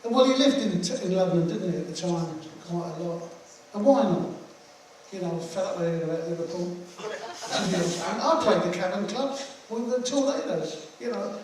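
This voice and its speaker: A man's voice: high-pitched, normal speed, a little mellow, a little hiss or hum. An older man, a veteran musician, answering audience questions after a film screening in a joking, blunt, rambling way. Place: screening hall. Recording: echoey hall from far off.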